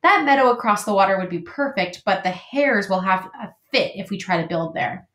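A woman's voice: medium pitch, animated, moderate pace, a bit bright, close to an everyday voice. A woman voicing a friendly, talkative male beaver builder with a folksy manner, in an echoey room. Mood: chatty.

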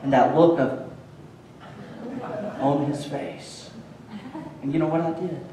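A male pastor telling a story in a lively sermon. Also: on the high side, takes it slowly, noisy background. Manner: animated storytelling, acting out shouts. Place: church sanctuary. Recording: echoey church from far off.

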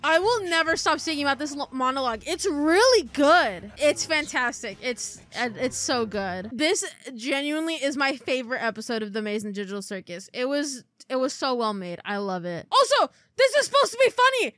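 A young woman hosting a reaction video, chatting casually in an excitable way, often laughing and squealing. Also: high-pitched, brisk, hardly any pauses. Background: music from the clips.

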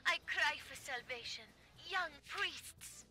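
A sardonic game citizen complains in mock-earnest tones. Her voice sits high and swoops widely, with game music clearly playing underneath. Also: expressive, takes it slowly. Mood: mock pious. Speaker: in-game announcer voice. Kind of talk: scripted comic game voice-over.

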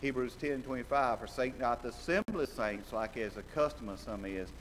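Alabama preacher in an echoing church. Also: male voice, a little fast. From central Alabama. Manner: swings from loud exclaiming to low quiet asides. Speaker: visiting preacher. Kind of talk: sermon. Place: church sanctuary. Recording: church hall reverb with faint noise.

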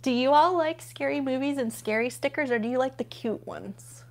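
A woman with a high voice speaks at normal speed as she runs a casual live unboxing stream from home. Between flipping pages, she gushes about what she's unpacking and chats with viewers.

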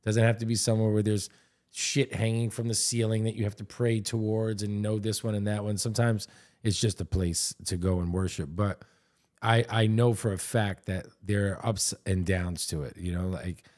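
A man's voice: fairly low pitch, fairly even intonation, normal speed, darkish tone. A man co-hosting a casual podcast, speaking earnestly and reflectively. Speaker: podcast co-host.

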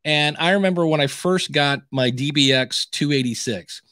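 A man hosting a podcast advice show, chatting in a lively, animated way with frequent restarts. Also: a little high, normal speed, no echo, studio quality. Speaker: podcast coach and host. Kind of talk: casual podcast advice chat.

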